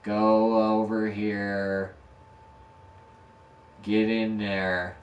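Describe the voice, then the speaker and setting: Speaking extremely slowly in a low, level tone, a man live-streams his game-building work and makes fun of himself as he goes. The recording is muffled, echoey, and a bit far from the mic, with a dog barking in the room.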